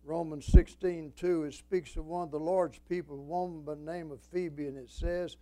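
A man's voice: fairly high pitch, steady tone, normal speed, mellow, dry recording, poor audio. An older man preaching a sermon as a pastor, folksy and emphatic, quoting scripture and telling stories.

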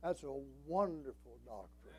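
A man's voice: on the high side, expressive, measured pace, dark tone, breathy edge, rough recording. An older man preaching a sermon as a pastor, folksy and emphatic, quoting scripture and telling stories.

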